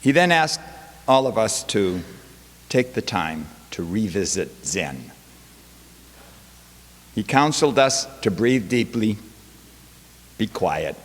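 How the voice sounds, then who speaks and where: Man lecturing in a reverberant chapel. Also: low-pitched. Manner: wry storytelling with quoted asides. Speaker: guest speaker, professor. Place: college chapel. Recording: long hall reverb.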